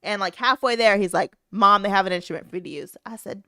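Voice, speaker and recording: A woman's voice: mid-range voice, fast talker, hardly any pauses, sharp tone, no echo, clean studio sound. A woman co-hosting a podcast, telling a story in casual chat and acting out the voices of the people she quotes. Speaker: podcast co-host.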